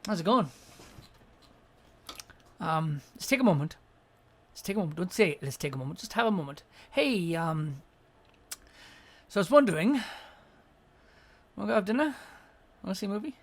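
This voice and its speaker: A woman hosting an advice show, giving blunt, profane advice and acting out quick mock scenes along the way. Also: mid-range voice, expressive. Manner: acts out little scenes in quick mock voices. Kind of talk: casual advice rant.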